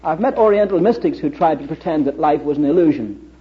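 A man's voice: on the high side, lively intonation, brisk. A middle-aged man giving a public lecture as a historian, telling stories and asking his audience rhetorical questions. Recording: dull lo-fi old recording.

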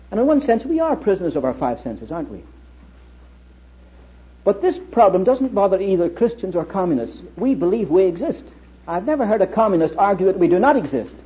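A middle-aged man giving a public lecture as a historian, telling stories and asking his audience rhetorical questions. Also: a little high. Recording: dull lo-fi old recording.

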